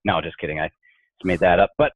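Speaking low and a little fast, a man chats casually on a podcast about workplace humor, telling anecdotes and acting out the voices of the people in them. The sound is a dry, tinny, phone-like line with no echo.

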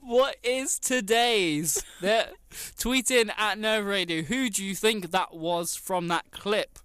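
A man's voice: high voice, slow pace, pushed and bright, clean tone, dry recording. A man hosting a radio show in playful, giggly banter. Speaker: radio host.

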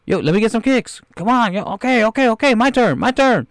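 A man voicing a pushy, excited guy insisting it is his turn. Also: very high voice, fast talker, no echo, studio quality, pitched above the performer's own voice.

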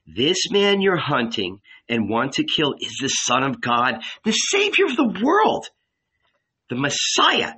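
A man reading aloud and voicing a tender, fearful woman who pleads with rising pitch. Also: huge pitch swings, slow, pushed and bright, husky, full character voice. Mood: urgent pleading.

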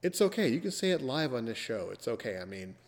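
A man's voice: mid-range voice, big pitch swings, fast talker, long reverb tail. A man hosting a casual podcast, teasing his guest in a playful, theatrical way. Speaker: podcast host.

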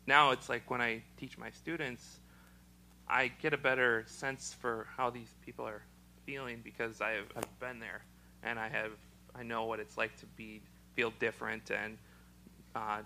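A young man, speaking haltingly in an interview with a choked, froggy-sounding voice. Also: medium pitch, gravelly, bright, forceful tone, a little hiss or hum, low-quality recording. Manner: halting, with many ums and restarts. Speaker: special education teacher. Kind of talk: casual personal testimony.

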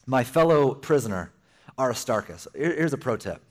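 Speaking at a moderate pace in a mid-range voice, a young man preaches as pastor. His sermon is chatty and animated, dotted with playful asides.

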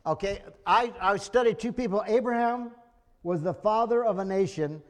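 High-voiced earnest male preacher. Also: moderate pace. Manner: earnest, emotional, with restarts. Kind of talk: sermon.

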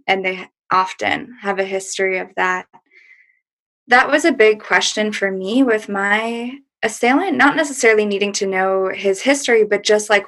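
Woman guest on a podcast, talks real slow, thoughtful, lots of ums. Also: mid-range voice, a bit bright. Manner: thoughtful, hesitant with fillers. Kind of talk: reflective interview talk.

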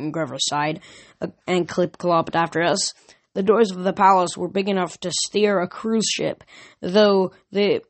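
A reader narrating a novel chapter aloud in steady first-person storytelling. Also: mid-range voice. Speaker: audiobook reader. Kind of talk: fan audiobook narration.

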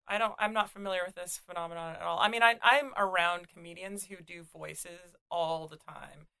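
A woman's voice: on the low side, fairly even intonation, moderate pace, creaky, sharp tone. A young woman from California co-hosting a casual podcast chat, blunt and sardonic. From California, USA. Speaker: podcast co-host, comedian.

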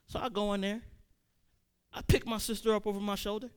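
A man, likely in his thirties, preaching a sermon as a personal story, conversational with sudden loud emphatic peaks and frequent restarts. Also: sits high, fairly even intonation, fairly quick, smooth.

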